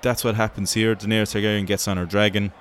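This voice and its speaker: Low-voiced Irish man, sweary banter. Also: little pitch movement, fast, slight background noise. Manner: profane, joking, rambling banter. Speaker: host. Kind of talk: mock sports commentary.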